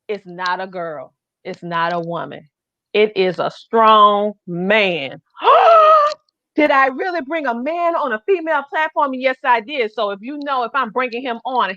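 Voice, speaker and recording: A woman's voice: on the high side, pushed and bright, no echo. A woman with a Southern US accent hosting a live online show, talking in an effusive, enthusiastic way. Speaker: host. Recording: dull lo-fi dry sound.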